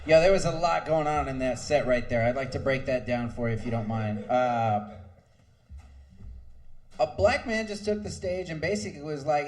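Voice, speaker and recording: A man's voice: a little high, normal speed, darkish tone. A man hosting a comedy show, rambling with sarcastic, crude jokes between acts.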